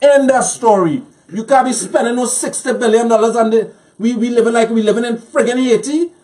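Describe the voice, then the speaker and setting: A man's voice: very high voice, brisk, mellow. A man with a Trinidadian accent, a guest on a political talk show, speaking angrily and emphatically and repeating phrases to drive his points home.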